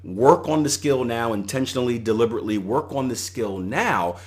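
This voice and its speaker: A man's voice: medium pitch, expressive, normal speed. A middle-aged man hosting a solo podcast, giving conversational coaching advice and retelling anecdotes with animation. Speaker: podcast host and trading coach.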